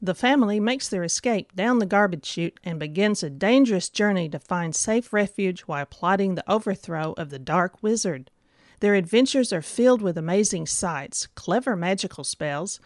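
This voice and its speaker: A woman's voice: medium pitch, animated, moderate pace, no echo, clean studio sound. A woman giving a scripted, enthusiastic book review. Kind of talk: scripted narration.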